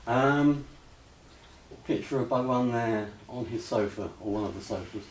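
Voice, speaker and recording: A man giving a slide presentation to an audience, hesitant with many ums, relaxed and gently humorous. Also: mid-range voice, unhurried. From United Kingdom. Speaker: lecturer. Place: retreat lecture room with audience. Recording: roomy echo, distant mic, faint hiss.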